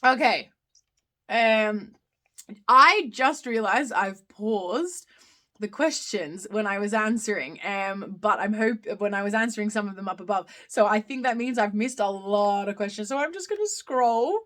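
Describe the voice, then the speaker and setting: A woman's voice: medium pitch, lively intonation, unhurried, a bit bright. A woman in her thirties with an Australian accent, hosting a casual live-stream Q&A where she reads out comments and answers them, often giggling. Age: 30s. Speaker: live Q&A host.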